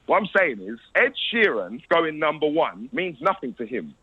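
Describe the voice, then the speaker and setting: A man's voice: a little high, big pitch swings, moderate pace, husky. Insistent man. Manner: insistent, talks over the interviewer. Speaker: interview guest. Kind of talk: heated interview argument. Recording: muffled interview clip.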